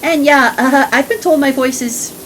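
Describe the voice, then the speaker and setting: A woman's voice: sits high, moderate pace, fairly bright tone, a little hiss or hum. A woman streaming in casual chat, playful and crude, with a very flexible voice she switches around.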